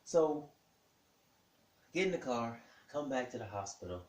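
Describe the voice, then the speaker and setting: A man telling a personal story in a lively way, acting out what each person said. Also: mid-range voice, measured pace, far from the mic. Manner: animated, acts out the dialogue of everyone in the story. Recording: echoey room.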